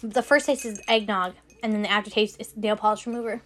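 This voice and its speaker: A woman's voice: mid-range voice, fairly even intonation, fast. A woman co-hosting a casual podcast, talking bluntly and dismissively, with lots of swearing. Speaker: podcast co-host. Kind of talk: casual chat.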